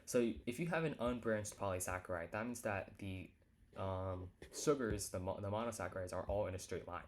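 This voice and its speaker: Male teacher, very low voice, casual lecture, stumbles and corrects himself often. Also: slight background noise. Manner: halting, full of fillers and self-corrections.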